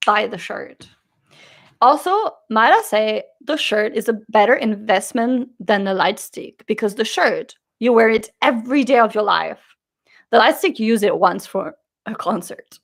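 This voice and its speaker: A woman vlogger telling a story in a chatty, animated way, acting out the people she quotes. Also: a little high, unhurried.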